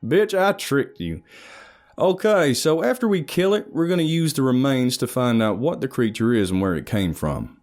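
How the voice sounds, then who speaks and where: A man voicing a scheming male expedition leader who briskly lays out a plan and mocks his crew. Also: medium pitch, expressive, darkish tone, voice pushed up, close to an everyday voice. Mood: gleeful.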